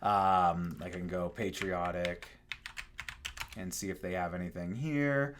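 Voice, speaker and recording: Laid-back man with a lowish voice. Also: unhurried, slight background noise. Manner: relaxed, full of fillers and tag questions. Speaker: software tutorial presenter. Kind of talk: casual screen-share walkthrough.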